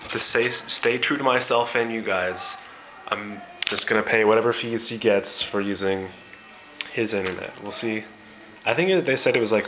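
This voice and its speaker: A man's voice: on the low side, fairly bright tone. A young man chatting casually in a rambling video diary. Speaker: exchange student vlogger. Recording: echoey room, faint noise.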